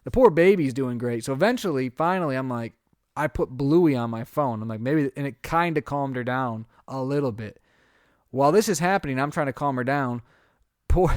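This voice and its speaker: A man's voice: mid-range voice, lively intonation, normal speed, darkish tone, no echo, studio quality. A man co-hosting a podcast, telling a long story in casual chat and acting out his own reactions. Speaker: podcast co-host.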